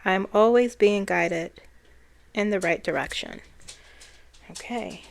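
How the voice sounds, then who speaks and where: Slow, soft-spoken woman. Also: mid-range voice, vocal fry, a little hiss or hum. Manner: soft-spoken, reflective, laughs often. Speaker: spiritual channeler and reader. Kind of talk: casual spiritual talk.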